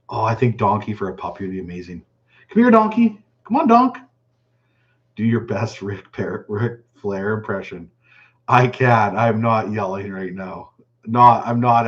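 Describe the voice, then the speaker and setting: A man hosting a fishing channel's live chat, reading viewer questions aloud and answering them in a relaxed, chatty way. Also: fairly low pitch, highs cut off. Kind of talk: casual live stream chat.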